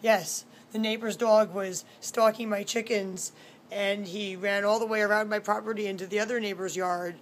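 A woman's voice: medium pitch, steady tone, moderate pace, slight background noise. A woman recording a casual home video diary, chatting to the camera and talking to her cats and a child as she goes. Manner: chatty, talks to cats and child while filming. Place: at home, indoors.

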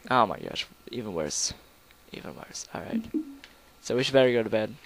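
A man's voice: lowish voice, lively intonation, normal speed, creaky. Goofy rambling young man gaming. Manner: rambling, goofy, sudden loud outbursts. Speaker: gameplay commentator. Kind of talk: casual gaming commentary.

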